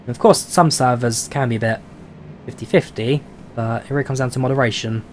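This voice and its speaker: A man's voice: medium pitch, a little fast, slight background noise. A man with a London accent chatting casually on a live stream, reading out viewer questions and answering them with plenty of filler "uh"s. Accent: London English. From London, England. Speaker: flight sim streamer. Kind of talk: casual live-stream chat while flying a simulator.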